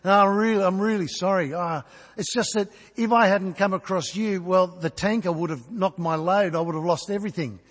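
A man's voice: high voice, a little fast. A man voicing an apologetic truck driver with a sheepish drawl, in a long church reverb.

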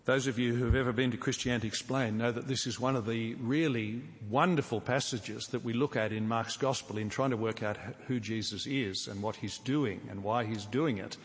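A man preaching a sermon, earnest and deliberate, slowing down for emphasis and acting out imagined scenes. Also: mid-range voice, steady tone. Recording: long hall reverb.

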